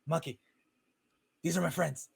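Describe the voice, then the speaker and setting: A crestfallen young companion mumbles his lines in a muted, low-key way, as a man puts him on. The sound is dry and close, with no room around it. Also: fairly even intonation, unhurried, vocal fry, breathy edge, dry recording, exaggerated voice.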